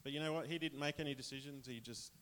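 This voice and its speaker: A man's voice: medium pitch, fairly even intonation, fast talker, fairly bright tone. An Australian man casually sharing a personal testimony with his church, chatty and rambling, often laughing.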